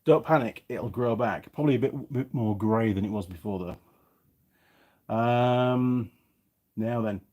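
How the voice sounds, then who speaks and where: A middle-aged Englishman who hosts a YouTube mechanic channel chats casually on a livestream, reading viewer comments aloud in a partly faded Yorkshire accent. His mid-range voice is dark in tone, and he speaks a little slowly with long pauses.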